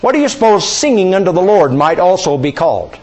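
Male pastor, lively and expressive sermon teacher, slightly higher voice, quizzes the congregation and repeats key words. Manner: stretches scripture quotes out slowly.

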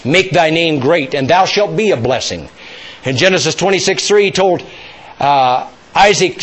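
A male preacher delivering a sermon in a fairly high voice that swings widely in pitch. He speaks emphatically, pushing up toward near-shouts, and leads call-and-response with the congregation. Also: animated, normal speed.

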